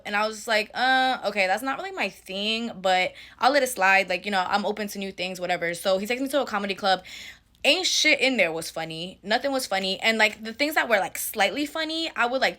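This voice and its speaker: A young woman tells a story to camera in a casual, sassy vlog style. Her voice is bright and forceful and sits a little high, and she swears freely as she vents. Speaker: storytime vlogger.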